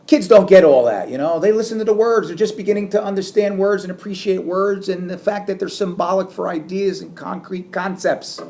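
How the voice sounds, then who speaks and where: A middle-aged man giving a classroom lecture, animated and acting out sarcastic lines as examples. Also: high voice, fairly quick, few pauses. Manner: animated, acts out sarcastic quotes. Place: lecture room.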